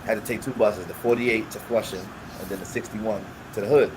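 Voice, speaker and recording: A man's voice: on the low side, brisk, noisy background. A man, telling stories in casual chat and acting out the people in them, with heavy street slang. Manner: animated storyteller acting out quoted voices, heavy street slang. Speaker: podcast co-host.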